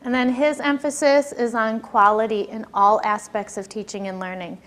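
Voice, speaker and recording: A woman's voice: a little high, steady tone, normal speed, fairly bright tone. A woman giving a workshop lecture on classroom behavior, talking conversationally and asking her audience questions.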